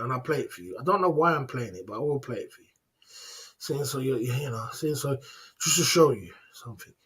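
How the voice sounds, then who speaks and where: A man's voice: medium pitch, a bit bright, breathy edge. A man hosting a casual livestream, repeating himself insistently and scolding his viewers. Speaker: livestream host. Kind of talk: casual livestream rant to chat.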